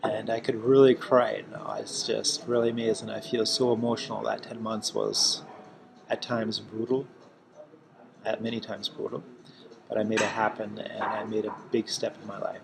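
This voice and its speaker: A man's voice: lowish voice, little pitch movement, moderate pace, creaky, background noise. A man talking earnestly and emphatically in a personal self-help vlog, repeating himself for emphasis. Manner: heartfelt, emphatic and repetitive.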